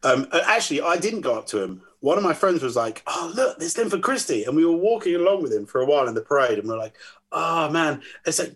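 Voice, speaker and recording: A man with a husky, breathy edge to his voice, chatting easily as a podcast guest. He tells stories with energy and acts out what people said. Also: on the high side, fast. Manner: animated storyteller acting out quoted voices. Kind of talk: casual chat.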